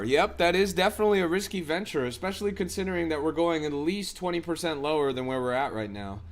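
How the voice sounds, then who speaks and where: A man with a somewhat high voice hosts a crypto live stream in a hyped, slangy way. He keeps up casual commentary and talks straight to his chat. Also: fast talker, few pauses. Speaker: crypto livestream host.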